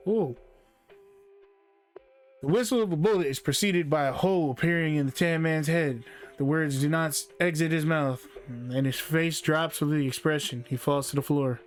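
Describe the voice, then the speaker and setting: A man's voice: a little high, fairly even intonation, moderate pace, faint music behind. A man playfully reading a text game aloud as a game streamer, laughing as he goes.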